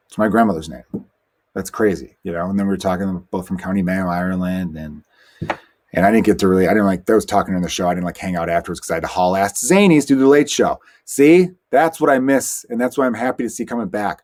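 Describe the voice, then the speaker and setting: A male stand-up comedian from Chicago hosting a solo podcast, telling crowd stories in animated, rambling fashion with quoted dialogue. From Chicago, USA. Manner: animated storytelling with quoted dialogue, jumps up in pitch when worked up.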